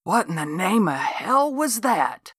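A woman's voice: mid-range voice, sing-song, slow, a bit bright, slightly rough, no room sound, studio quality, full character voice. A woman reading the part of a blunt, weary small-town male police officer in an audiobook. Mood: exasperated.

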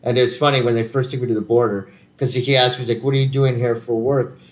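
A man's voice: medium pitch, steady tone, fast talker. A man from the United States, an actor, chatting casually and telling stories, laughing often, swearing, and acting out other people's lines. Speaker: actor, guest. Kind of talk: casual chat, storytelling.

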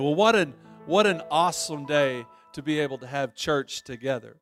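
A pastor preaching a sermon, telling a story with lively voices and frequent restarts. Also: male voice, fairly high pitch, normal speed, hardly any pauses, music in the background.

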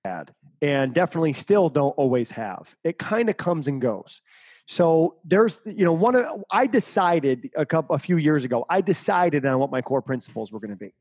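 A man's voice: fairly high pitch, big pitch swings, moderate pace, a little mellow, slightly rough, dry recording. A middle-aged man giving interview answers as a mental performance coach, speaking emphatically and repeating key phrases.

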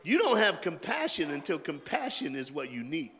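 A man preaching a sermon in a loose call-and-response style, joking in colloquial asides and swinging between shouted rallying lines and hushed, quiet talk. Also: a little high, wildly swooping pitch, moderate pace. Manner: jokey, colloquial and emphatic. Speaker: pastor. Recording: long hall reverb.

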